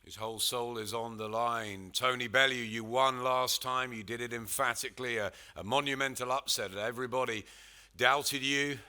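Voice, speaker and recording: A man's voice: medium pitch, steady tone, moderate pace, bright, forceful tone. A man presenting a press conference who puts direct, probing questions to the fighters.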